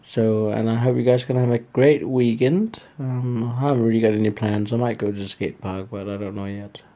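A tired man talking casually in a daily vlog, relaxed and rambling. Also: fairly low pitch, fairly quick. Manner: relaxed, rambling, soft-spoken. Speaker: daily vlogger.

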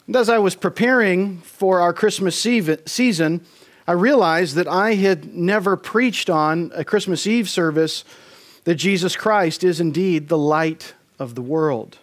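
Man, pastor, sermon, high voice, measured delivery, slows for emphasis. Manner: measured preaching, slowing for emphasis on key phrases. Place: church sanctuary.

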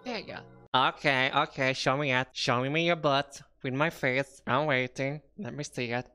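A woman's voice: very deep voice, fairly even intonation, normal speed, pushed and bright, clear, resonant tone. A woman streaming a game with playful, giggly commentary, now and then shrieking and putting on silly voices for the characters. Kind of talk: casual gameplay commentary.

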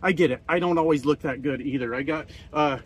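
A man's voice: a little high, a little fast, slightly rough. A man who drives trucks, ranting casually to his vlog audience in a profane, joking and self-mocking way.

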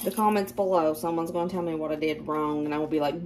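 A woman with a Southern American accent chatting casually through a cooking demonstration in her home kitchen. She is self-deprecating and quick to laugh. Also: fairly low pitch, a little hiss or hum. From Southern United States. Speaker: cooking vlogger.

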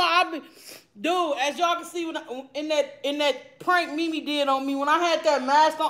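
Loud profane woman streamer. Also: high-pitched, fairly quick, low-quality recording. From Arizona. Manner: loud, profane, animated, reading and answering chat comments. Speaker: livestream mukbang host. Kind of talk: casual live-stream chat. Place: home.

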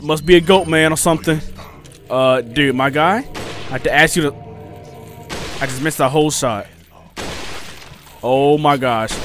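A jokey young man talks through a horror game as he plays, his voice sitting a little high for a man. He slides from mumbled asides to sudden yelps and shouts whenever something jumps at him, with faint game music under him. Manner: jokey, excitable, yelps and shouts when attacked. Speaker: gaming YouTuber. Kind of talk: casual let's play commentary.

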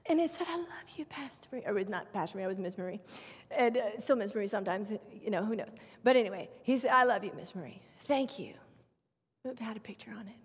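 A woman in her fifties, a children's pastor, preaching an animated testimony sermon. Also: on the high side, quick pace, breathy edge. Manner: animated storytelling with acted prayers. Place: church sanctuary. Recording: long reverb of a church hall.

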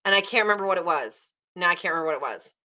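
A woman's voice: lowish voice, expressive, very fast, bright, forceful tone. A young woman from Nashville with a Southern American accent, hosting a casual book club chat and retelling a story in a rambling way with lots of fillers. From Nashville, Tennessee, USA.

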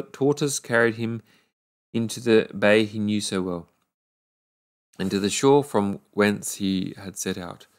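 A man reading a fairy tale aloud, unhurried, now and then stumbling and correcting a word. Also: on the low side. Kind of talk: read-aloud storybook narration.

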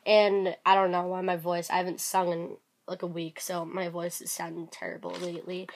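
A woman with a sore, hoarse throat chats straight to camera while sitting on her bed at home. She talks quickly, casually and a little self-deprecatingly, apologizing for how she sounds. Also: lowish voice, little pitch movement, a little hiss or hum. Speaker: vlogger.

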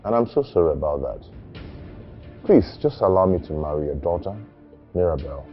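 Brief: Nigerian suitor, deep low voice, earnest, dull film audio with music. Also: male voice, expressive, normal speed. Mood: pleading. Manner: pleading then defiant. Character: determined young suitor of a princess. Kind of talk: Nollywood film acting.

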